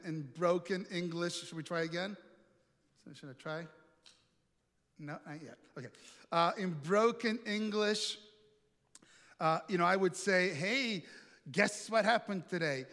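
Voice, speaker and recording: An Italian pastor with a high, fairly bright male voice preaches a sermon in a large, reverberant hall before an audience. He tells stories playfully and asks the audience questions.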